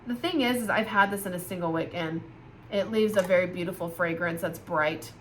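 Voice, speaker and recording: A woman with a lowish voice talks briskly as she reviews scented candles in a casual vlog. Though tired and yawning, she chats with gushing enthusiasm for her viewers, over a faint hiss or hum.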